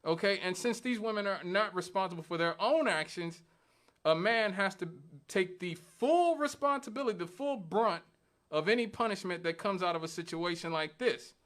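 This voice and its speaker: A man's voice: high-pitched, moderate pace, fairly bright tone. A male radio talk show host giving an emphatic, argumentative monologue, repeating points for stress. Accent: Northwest Indiana.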